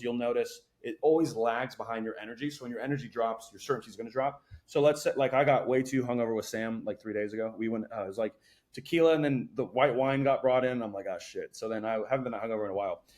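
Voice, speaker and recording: A young man, a podcast guest, talking casually and swearing a lot as he tells animated stories. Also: medium pitch. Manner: fast, profane, animated storytelling.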